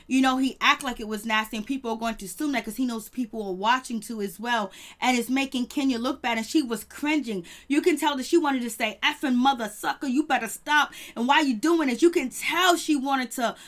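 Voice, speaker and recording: High-voiced woman reviewing reality TV. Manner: animated, mimics people she talks about, laughs often. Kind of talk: casual chat.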